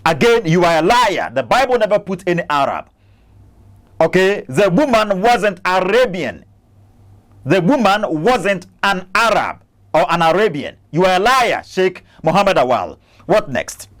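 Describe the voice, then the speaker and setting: A man's voice: high voice, very animated, unhurried, a bit bright. A man hosting a commentary channel, arguing against a clip he plays, stammering and repeating himself. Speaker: Christian apologist channel host.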